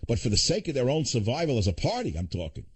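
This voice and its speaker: An older man hosting a talk radio show, ranting fast with sarcastic asides. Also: mid-range voice, sing-song, husky, dry recording.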